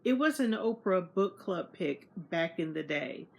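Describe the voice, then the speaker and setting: A woman's voice: unhurried, creaky. A young woman, chatting casually to camera about meeting authors and acting out what people said. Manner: animated, acts out quoted dialogue in higher voice. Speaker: book vlogger.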